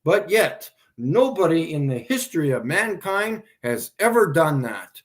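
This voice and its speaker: A man's voice: a little high, sing-song, a little slow. A man hosting a livestream, ranting sarcastically and with exasperation as he answers viewers' comments. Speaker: livestream host. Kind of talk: ranting live stream commentary.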